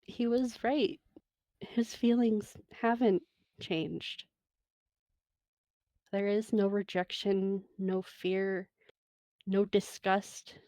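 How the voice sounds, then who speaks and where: A woman runs a tabletop game, narrating in a soft, emotional, unhurried way and laughing now and then. Her voice sits at a middle pitch and is recorded close and dry. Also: fairly even intonation, dry recording. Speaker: game master.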